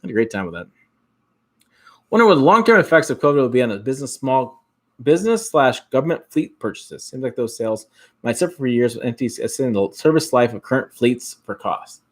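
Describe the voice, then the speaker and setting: This is a man with an Upper Midwest accent hosting a relaxed livestream and reading viewer comments aloud. His pitch moves around a lot. He rambles, repeats himself and often stops to restart his words. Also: brisk. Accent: Upper Midwest American. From Michigan. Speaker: host.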